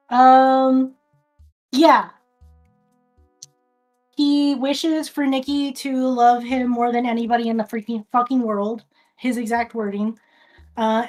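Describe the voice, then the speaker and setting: A woman streamer casually recapping a film, rambling, restarting sentences and swearing often. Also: fairly high pitch.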